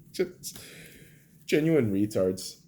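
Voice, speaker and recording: A young man hosting a podcast, delivering an angry, profane political rant that swings between shouting and low muttering. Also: a little hiss or hum. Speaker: podcast host.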